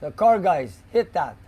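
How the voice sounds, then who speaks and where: A man's voice: sits high, mellow, husky. A man hosting a casual live stream from a garage, reading viewer comments aloud and chatting about them, sometimes slipping into Greek. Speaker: host reading live chat. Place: car garage shop.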